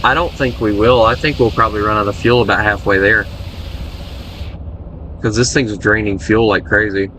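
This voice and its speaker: A man's voice: lowish voice, steady tone, moderate pace, long pauses, sharp tone, a little hiss or hum. An American man giving casual, joking commentary while he plays a flight game, chatting and rambling between moves. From United States. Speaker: gaming streamer.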